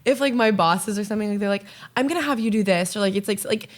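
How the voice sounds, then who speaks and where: A woman's voice: medium pitch, fast talker. A young woman co-hosting a casual podcast chat, telling a long story with lots of "like" fillers and casual swearing. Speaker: podcast co-host.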